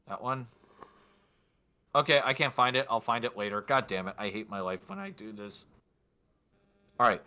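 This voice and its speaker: A man's voice: medium pitch, sharp tone. A man narrating a tabletop game as game master in a casual, rambling way, muttering to himself at times.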